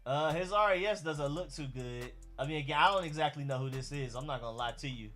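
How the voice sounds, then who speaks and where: A man's voice: a little high, quick pace, fairly bright tone, soft background music. A young man with an Atlanta accent, hosting a casual live stream and reacting to chat and talking to his dog. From Georgia.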